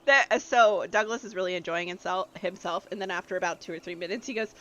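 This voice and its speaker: A game master narrating a tabletop game, halting often with fillers and restarts. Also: medium pitch, pushed and bright, highs cut off, a little hiss or hum. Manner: hesitant narration with many fillers.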